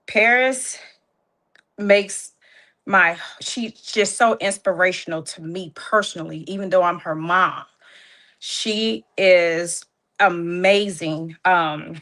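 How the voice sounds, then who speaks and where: A woman's voice: mid-range voice, a bit bright. A woman speaking as a proud mother, emotional and fighting back tears as she gives a heartfelt spoken tribute. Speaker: guest's mother giving an introduction.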